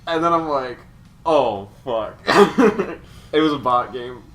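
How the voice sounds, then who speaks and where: A man's voice: on the high side, expressive, a little slow, fairly bright tone. A man co-hosting a podcast in casual chat, telling embarrassing gaming stories about himself and laughing at them. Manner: self-mocking, laughs at his own stories. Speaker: podcast co-host.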